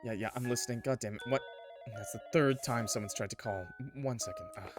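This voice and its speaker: A man playing through a story game, reading narration aloud and reacting with excitable, animated outbursts. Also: mid-range voice, quick pace, music in the background. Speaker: gaming streamer. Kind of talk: let's play commentary and reading narration.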